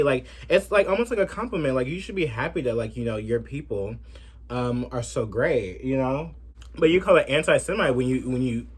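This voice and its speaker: A man giving a brash, profane commentary rant in a sassy, animated way. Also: fairly high pitch, breathy edge. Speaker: commentary vlogger.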